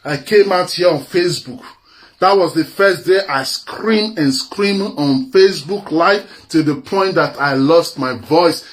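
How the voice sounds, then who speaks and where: A man's voice: high-pitched, a bit bright. A Nigerian man with an Edo accent, delivering an impassioned, scornful live-video rant that slips into Pidgin. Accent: Nigerian, Benin (Edo). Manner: mocks others in put-on quoted voices. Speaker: social media commentator.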